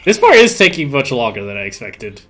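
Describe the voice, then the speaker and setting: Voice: medium pitch, very animated, fairly quick, fairly bright tone. A streamer chatting casually while playing a video game, laughing often between remarks, over light game music. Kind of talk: casual gameplay chat.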